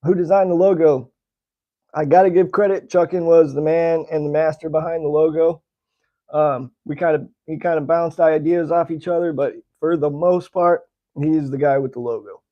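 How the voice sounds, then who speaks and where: An American man who hosts a slingshot channel talks at a moderate pace, his steady voice on the high side and the recording muffled. He's tasting candy during a casual live stream while chatting and answering viewers' comments.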